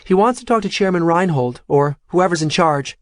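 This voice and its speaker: Reading an audiobook, a man voices a young female office assistant hurriedly calling out urgent news. His fairly high, expressive voice is pushed up yet close to everyday speech, at a moderate pace, in a dry, studio-quality recording.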